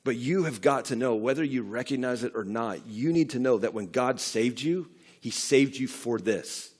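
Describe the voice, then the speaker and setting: A man's voice: mid-range voice, animated, moderate pace, a little mellow, husky. A middle-aged man preaching a sermon in a church, talking conversationally with frequent restarts and building to emphatic peaks. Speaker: pastor. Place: church sanctuary.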